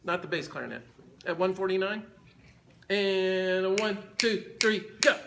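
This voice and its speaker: Over a band playing in the room, a man leads rehearsal, counting the players in and singing phrases to show how they should sound. His voice is high, creaky and a little slow, and the recording is very noisy.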